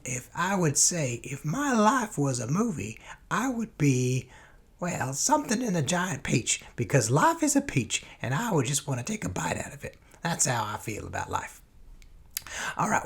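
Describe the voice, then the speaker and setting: A man playing a folksy Southern man with a Southern US accent, who answers silly interview questions in a rambling, goofy way with a husky voice. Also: fairly bright tone, full character voice. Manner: rambling, goofy, sudden jumps in pitch. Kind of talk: comedic mock interview.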